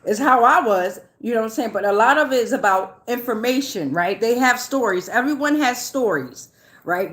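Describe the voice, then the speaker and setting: A woman's voice: fairly high pitch, a bit bright. A woman giving a casual, loose and chatty tarot reading, swearing freely and often checking in with her listeners. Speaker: tarot reader.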